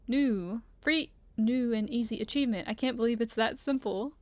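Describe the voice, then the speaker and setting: A chatty, giggly woman commentates live on a game from her room at home. Her voice sits a little high and playful. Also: moderate pace, few pauses, a little mellow. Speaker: streamer.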